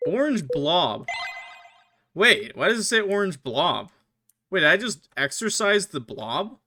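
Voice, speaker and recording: A man's voice: very animated, slow. Joking man voicing game dialogue. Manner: voices game characters with raised pitch, joking and swearing. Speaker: gaming streamer. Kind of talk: let's play with voiced dialogue reading. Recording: music playing behind the voice. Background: game music.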